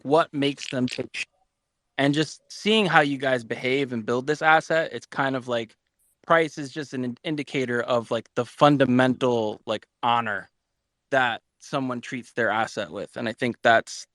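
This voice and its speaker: Halting thoughtful man, dry sound. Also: mid-range voice, fairly bright tone, no echo. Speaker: community member. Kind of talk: casual chat.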